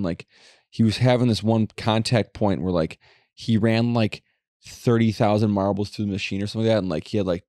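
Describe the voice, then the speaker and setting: A man's voice: lowish voice, darkish tone, no echo, studio quality. A young man co-hosting a casual podcast, rambling with lots of swearing and filler words. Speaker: podcast co-host. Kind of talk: casual chat.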